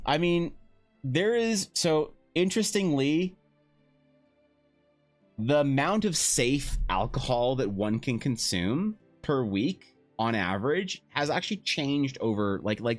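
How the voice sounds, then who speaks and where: A man chatting casually with his stream viewers, telling rambling stories full of swearing. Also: mid-range voice. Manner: profane, rambling storytelling. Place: home.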